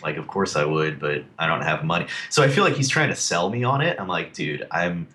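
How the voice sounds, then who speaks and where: A deep-voiced man telling a long personal story in relaxed conversation. He rambles with plenty of fillers and acts out other people's lines as he goes. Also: fairly quick, a little hiss or hum. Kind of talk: casual storytelling.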